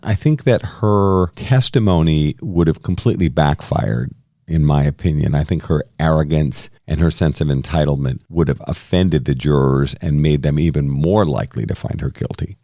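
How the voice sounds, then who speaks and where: A man co-hosting a podcast, talking through a criminal trial in casual conversation, opinionated and quick to chuckle. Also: rumbling low, warm tone, no echo, clean studio sound. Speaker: podcast co-host. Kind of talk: casual true-crime discussion.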